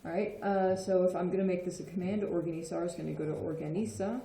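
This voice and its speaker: Teacher type: woman, low-ish mellow voice, patient explainer, roomy echo. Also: fairly even intonation, quick pace, gravelly. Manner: patient, checks in with frequent "okay?". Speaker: Spanish teacher. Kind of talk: explanatory lesson. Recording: echoey room.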